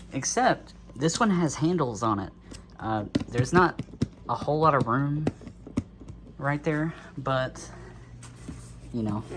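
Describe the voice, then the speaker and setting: A man's voice: mid-range voice, background noise. A man casually talking through an unboxing in a rambling, easygoing way, slightly out of breath. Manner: rambling and easygoing, with many fillers. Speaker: toy and prop reviewer.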